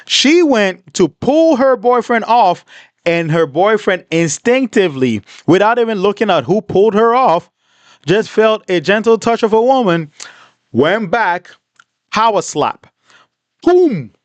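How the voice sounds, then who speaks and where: A man hosting a livestream, reading comments and telling a story in an animated, repetitive, indignant way. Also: high voice, measured pace, dry recording. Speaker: livestream host.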